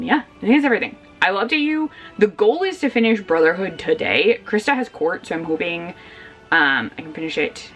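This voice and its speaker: Chatty, excitable young woman vlogging. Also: fairly low pitch. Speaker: book vlogger. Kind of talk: casual chat. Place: at home.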